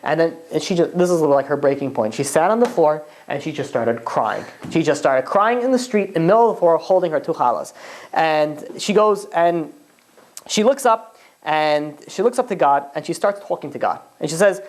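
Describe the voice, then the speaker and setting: A woman's voice: sits low, animated, fairly quick, darkish tone. A woman telling a long story in a chatty, casual way, with many "like" and "you know" fillers.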